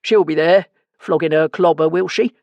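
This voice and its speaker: A flamboyant, imperious man who barks his verdicts loud and theatrical, sneering at anything dull, played by a woman narrator. His voice rings a little louder and brighter than the narration around it, with a cutting edge. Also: fairly high pitch, fairly even intonation, moderate pace, dry recording, close to an everyday voice.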